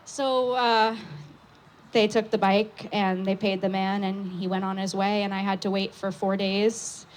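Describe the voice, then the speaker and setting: A young woman on an outdoor patio stage, telling a story into a microphone, loud and excitable with lots of fillers. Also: mid-range voice, a little slow, slight background noise.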